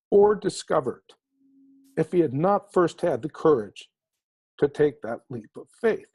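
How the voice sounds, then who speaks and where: Animated male storyteller with a mellow voice. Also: fairly high pitch, breathy edge, no room sound. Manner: animated storyteller, emphatic, slows down to stress key words. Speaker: author and interview guest. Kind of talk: inspirational interview storytelling.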